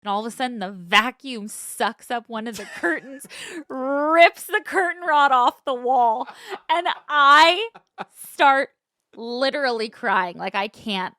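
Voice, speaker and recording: A young woman co-hosting a podcast, telling stories in a lively, casual way, swearing freely and acting out the scenes. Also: high-pitched, slow pace, no room sound, studio quality. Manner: animated storyteller, swears freely, acts out scenes. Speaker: podcast co-host. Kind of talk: casual chat.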